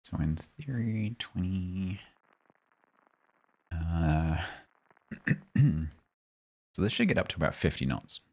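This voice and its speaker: A man streaming live gameplay and commenting as he plays, chatty and breaking into sudden excited exclamations. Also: deep voice, takes it slowly, long pauses. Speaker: game streamer.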